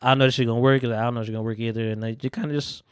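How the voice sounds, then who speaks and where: Fast-talking man recapping a movie. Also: medium pitch, clean tone, dry recording, clean studio sound. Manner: animated, acts out characters' lines in quick voices. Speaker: podcast co-host. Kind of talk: casual chat, recapping a movie. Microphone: studio podcast mic.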